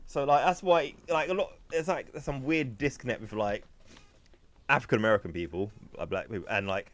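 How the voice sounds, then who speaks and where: A man's voice: medium pitch, a little fast. A man from England with an English accent, co-hosting a podcast in laid-back casual chat, full of "like" and "you know". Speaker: podcast co-host.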